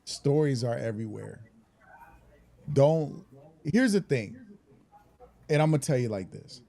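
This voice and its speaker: Animated, laughing male podcast host. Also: medium pitch, unhurried, creaky. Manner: laughs often, animated joking. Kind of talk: casual panel chat.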